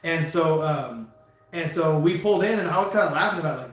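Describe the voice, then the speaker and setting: A man who drives trucks for a living, from California, rambling through an animated anecdote on a live stream with lots of restarts and chuckles. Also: on the high side, brisk. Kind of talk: casual storytelling on a live stream. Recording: very echoey room.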